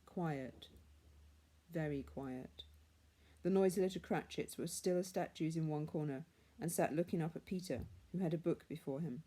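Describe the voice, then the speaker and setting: Woman storyteller, measured and hushed, lower mellow voice. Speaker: reader. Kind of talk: storybook reading.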